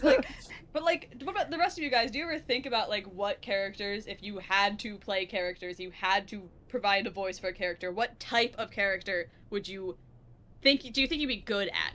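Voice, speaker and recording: A woman's voice: mid-range voice, fairly bright tone. A woman co-hosting a charity stream in casual, rambling chat, laughing often.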